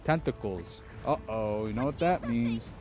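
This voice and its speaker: A male streamer chatting casually over his gameplay, crude and joking, with rambling asides. His voice sits at an ordinary middle pitch, and faint game music plays underneath. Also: unhurried, darkish tone.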